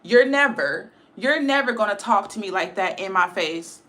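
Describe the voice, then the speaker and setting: A woman's voice: mid-range voice, animated, normal speed, fairly bright tone. A woman giving a blunt, emphatic casual livestream rant, repeating her points. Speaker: live streamer.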